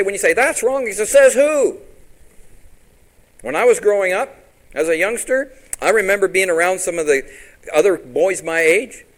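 A middle-aged man preaching a sermon as pastor, lively and throwing rhetorical questions at his congregation. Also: sits high, poor audio.

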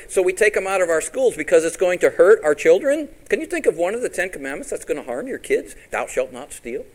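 A middle-aged man preaching a sermon as pastor, lively and throwing rhetorical questions at his congregation. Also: high voice, rough recording.

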